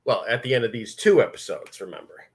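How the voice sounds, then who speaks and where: A man's voice: mid-range voice, sing-song, quick pace, slightly rough. A man co-hosting a casual episode commentary podcast, matter-of-fact, giving short replies and plain instructions. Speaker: podcast co-host.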